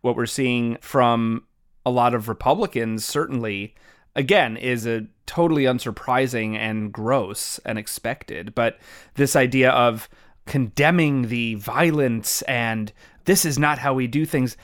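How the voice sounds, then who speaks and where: A man's voice: mid-range voice, measured pace. A man co-hosting a political podcast, talking in a wry, sarcastic way and laughing often. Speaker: podcast co-host. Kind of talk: political commentary chat.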